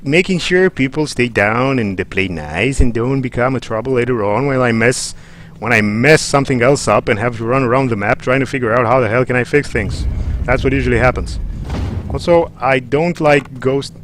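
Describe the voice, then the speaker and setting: Guy rambling and joking on a game stream, mid-pitched, slight background hiss. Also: normal speed, a bit bright. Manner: chatty, rambling, jokey. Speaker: livestream host. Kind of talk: let's play commentary.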